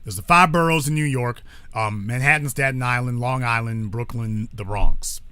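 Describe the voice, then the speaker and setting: Blunt, forceful male talk host. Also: medium pitch, moderate pace, clean tone, dry recording. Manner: blunt, profane, digressive, corrects himself aloud. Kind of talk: call-in talk show commentary.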